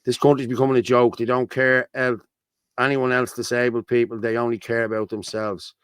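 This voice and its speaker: A man's voice: medium pitch, flat delivery, fairly quick, clean tone, no room sound. A man with a Dublin accent hosting a casual livestream, talking bluntly and reading out viewer comments. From Ireland. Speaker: host.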